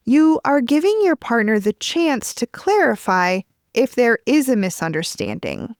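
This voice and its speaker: A woman hosting a relationship advice podcast, speaking in a gentle, measured way and acting out example phrases. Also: a little high, big pitch swings, dry recording, clean studio sound. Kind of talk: calm advice monologue.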